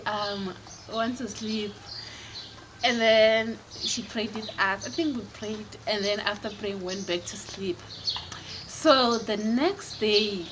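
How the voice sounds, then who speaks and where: A young woman telling a childhood story as a vlogger, animated and dramatic as she acts out the quotes. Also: mid-range voice, noisy background. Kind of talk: casual storytelling to camera.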